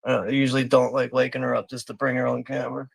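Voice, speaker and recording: Gravelly, foul-mouthed man from Philadelphia. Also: mid-range voice, monotone, very fast, no echo. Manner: profane, rambling, laughing often. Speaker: watch party host. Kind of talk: casual live commentary.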